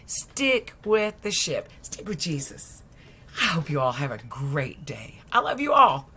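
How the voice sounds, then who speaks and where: A woman preacher retelling a Bible story in a lively, conversational sermon, dropping at times into soft whispers. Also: deep voice, a little slow, breathy edge. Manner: lively, acts out voices, drops to whispers.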